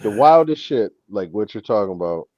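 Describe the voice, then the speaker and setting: A man hosting a casual chat, telling stories in an animated way and saying "bro" a lot. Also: fairly low pitch, moderate pace, no room sound. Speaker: show host.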